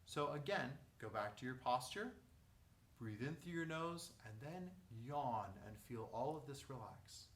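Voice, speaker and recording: A man teaching a vocal lesson, guiding breathing and posture in a calm, step-by-step way. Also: mid-range voice, unhurried, slight background noise. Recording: echoey room, mic at a distance.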